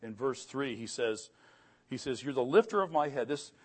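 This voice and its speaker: A man's voice: mid-range voice, animated, moderate pace, breathy edge. A middle-aged man preaching a sermon in an earnest way, often repeating words, and rising in emphasis on key phrases. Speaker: pastor.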